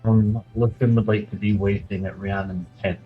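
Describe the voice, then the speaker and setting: A man's voice: on the low side, flat delivery, moderate pace, phone-quality sound, soft background music. A man chatting as a player at a tabletop game, earnest about the rules. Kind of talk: casual chat at a game table.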